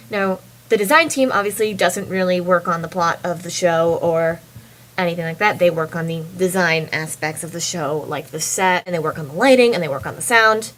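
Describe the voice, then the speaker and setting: A woman's voice: fairly low pitch, a little hiss or hum. A young woman talking casually to a friend in a vlog, bubbly and chatty. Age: young adult. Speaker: vlogger.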